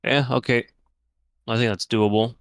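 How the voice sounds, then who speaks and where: A man's voice: mid-range voice, steady tone, normal speed, vocal fry, smooth, dry recording. A man player in a casual tabletop game, laid-back.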